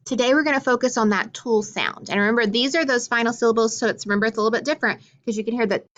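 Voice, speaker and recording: A woman's voice: on the high side, fast, hardly any pauses, a bit bright, lo-fi sound. A woman teaching a phonics lesson to young children, with patient, sing-song call-and-response prompts.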